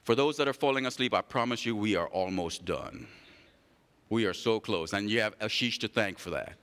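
A man preaching a sermon, swinging between loud raised passages and quiet storytelling. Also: moderate pace, long reverb tail. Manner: preaching with big swings in pitch and loudness. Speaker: pastor.

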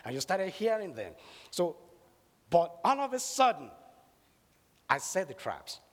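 A fairly high-voiced man preaches with a lively, swooping delivery, telling his story dramatically before rising into loud calls to faith. His voice rings with the long reverb of a large hall. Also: a little slow. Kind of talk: sermon with a personal story.

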